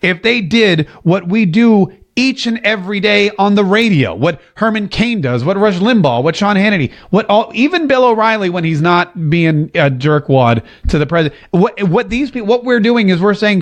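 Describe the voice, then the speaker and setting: A man talks through a political commentary podcast in a fairly high voice. He is emphatic and drives home his points by repeating phrases. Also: animated, normal speed, hardly any pauses. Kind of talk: opinionated podcast monologue. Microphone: seated at a desk mic.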